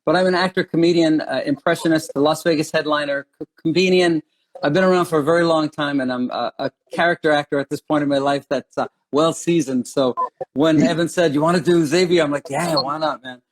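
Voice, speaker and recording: An older man, a seasoned actor and comedian, chatting quickly as a guest on a casual online interview. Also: on the high side, steady tone. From Los Angeles and New York. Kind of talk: casual video call interview.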